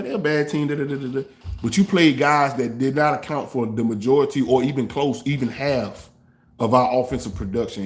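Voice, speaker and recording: A man hosting a fan reaction show, trash-talking rival fans in a loose, animated way. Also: medium pitch. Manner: trash-talking, animated, African American Vernacular English grammar. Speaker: sports fan show host.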